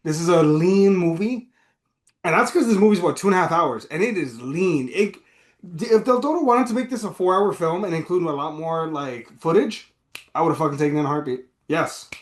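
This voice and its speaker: Animated, swearing podcast co-host, roomy sound. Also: male voice, fairly high pitch, fairly quick. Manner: animated, profane, rambling. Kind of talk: casual movie review chat.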